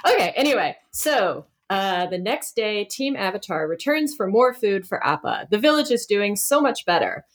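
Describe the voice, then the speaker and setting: A woman's voice: mid-range voice, very animated, moderate pace, hardly any pauses. Woman casually recapping an episode. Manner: conversational, hesitant. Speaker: podcast co-host.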